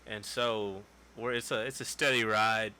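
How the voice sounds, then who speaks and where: A man's voice: fairly low pitch, steady tone, a little slow, bright, forceful tone, slight background noise. A man in his twenties casually telling a long story on a podcast, loose and profane, acting out what people said. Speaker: podcast co-host.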